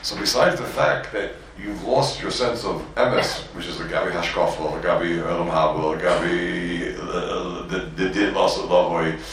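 A man's voice: sits low, steady tone, normal speed, few pauses, fairly bright tone, very echoey, recorded from a distance, slight background noise, rough recording. A man from Borough Park giving a Torah class to yeshiva students, repeating words and acting out quotes, peppered with Yiddish and Hebrew terms. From Borough Park, New York. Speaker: rabbi teaching a yeshiva class.

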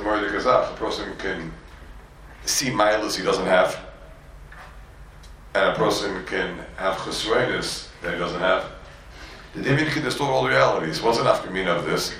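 A man's voice: fairly low pitch, fairly bright tone, very echoey, recorded from a distance, slight background noise, poor audio. A man from Borough Park giving a Torah class to yeshiva students, repeating words and acting out quotes, peppered with Yiddish and Hebrew terms. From Borough Park, New York. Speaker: rabbi teaching a yeshiva class.

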